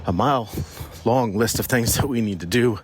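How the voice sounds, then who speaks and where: A man's voice: medium pitch, moderate pace, noisy background. A man hosting a casual business podcast while on a morning walk outdoors, a bit out of breath, talking in a loose, rambling way with restarts. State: slightly out of breath from walking. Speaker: podcast host.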